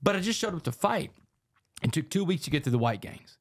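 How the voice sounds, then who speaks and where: A man, a podcast guest, telling his story in an intense, rapid way. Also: a little high, very animated, no echo, clean studio sound. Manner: fast, intense storytelling with gravelly voice.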